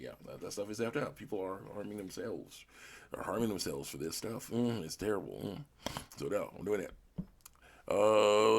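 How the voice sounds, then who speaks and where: A man hosting his own channel, reading viewer comments aloud and answering them in a rambling way, with many "mm" fillers and short laughs. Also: fairly low pitch.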